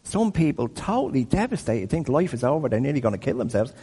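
A man's voice: mid-range voice, sing-song, quick pace, warm tone, breathy edge. Fifty-something man preaching in a reverberant hall. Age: 50s. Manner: conversational, asks the audience questions. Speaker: speaker. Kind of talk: sermon-style teaching talk.

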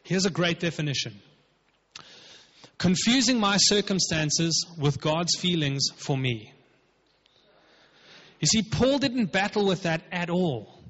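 A man's voice: high voice, lively intonation, slow pace, pauses often, a bit bright. A man preaching a sermon as pastor, emphatic and conversational, acting out quotes. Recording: dull, lo-fi with long hall reverb.

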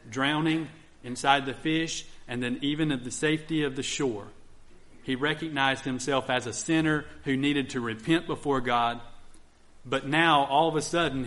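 A man's voice: mid-range voice, a bit bright. A male pastor preaching a sermon on repentance, often acting out pleading first-person prayers to God.

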